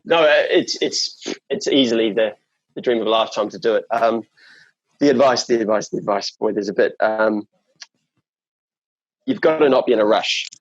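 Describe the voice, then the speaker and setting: A man's voice: on the low side, moderate pace, pauses often, no room sound, muffled recording. A man from New Zealand with a New Zealand accent, chatting as an interview guest in a rambling way, full of fillers and restarts. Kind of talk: casual chat.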